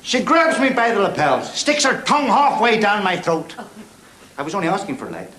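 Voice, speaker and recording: A man's voice: high voice, big pitch swings, moderate pace, crowd noise. An actor playing a cocky, crude male stand-up comic with a Belfast accent, delivering bawdy patter to a club audience in a television drama. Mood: cheeky. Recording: echoey room with loud background noise.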